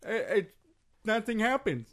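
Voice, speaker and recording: A man voicing a deadpan, oblivious woman wrestler with a put-on Irish accent in a comedy podcast sketch. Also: high voice, unhurried, full character voice. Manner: deadpan, flat delivery.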